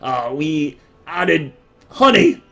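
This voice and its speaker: A man doing a loud, pushy dwarf brewer. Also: a little high, sing-song, drawn-out words, soft background music, pitched above the performer's own voice, heavily acted. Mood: proud. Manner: loud, hearty and eager. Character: boisterous male dwarf brewer and father, greasy, pushy salesman.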